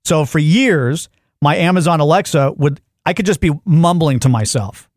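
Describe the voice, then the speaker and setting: A man's voice: a little high, normal speed, no room sound, studio quality. A man hosting a podcast, telling a comic story in casual chat and acting out his frustration. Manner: animated storyteller, acts out yelling at devices. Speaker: podcast host.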